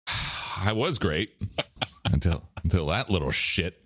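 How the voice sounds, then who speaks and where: Low-voiced teasing podcast host. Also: male voice, animated, takes it slowly, a bit bright, no echo. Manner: teasing, dry banter. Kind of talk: casual chat.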